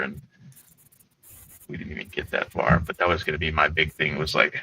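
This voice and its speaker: A man's voice: extremely low pitch, normal speed, pauses often, low-quality recording. A man co-hosting a livestream, telling rambling, profane stories in casual chat. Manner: rambling, profane, animated storytelling. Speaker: co-host.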